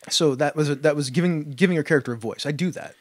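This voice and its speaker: A man co-hosting a casual tabletop-gaming podcast, telling anecdotes in a quick, offhand and enthusiastic way. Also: on the high side, dry recording. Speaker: podcast co-host.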